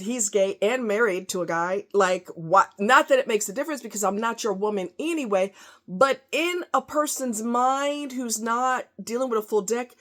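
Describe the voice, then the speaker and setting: A woman telling a workplace story in a casual, exasperated, animated monologue. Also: mid-range voice. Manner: animated, exasperated, quotes others in raised voice. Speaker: storyteller recounting a workplace experience.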